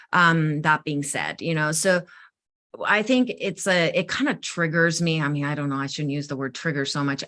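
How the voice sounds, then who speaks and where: Bright-voiced, chatty woman co-host. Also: lowish voice. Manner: chatty, animated, self-deprecating. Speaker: co-host of a wellness live session. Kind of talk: casual talk.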